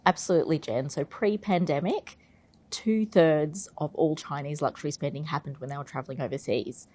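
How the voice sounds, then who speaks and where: A woman with a low, warm voice speaks as an investment expert in an interview. She explains at length, often leaning on "you know" and restarting phrases. Her tone is mellow rather than bright. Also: normal speed. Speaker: investment research head and portfolio manager.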